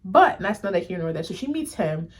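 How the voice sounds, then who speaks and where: A chatty YouTube reviewer talks to camera in a husky, lowish voice at a brisk pace. She's animated, calls her viewers "y'all," and uses lots of fillers in her casual review.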